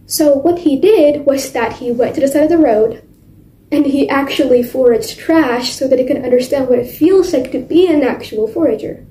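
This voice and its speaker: A woman's voice: high-pitched, dark tone. Fields: dramatic teenage girl, contest speech. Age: teens. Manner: dramatic, with theatrical pauses and volume swings. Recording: echoey room.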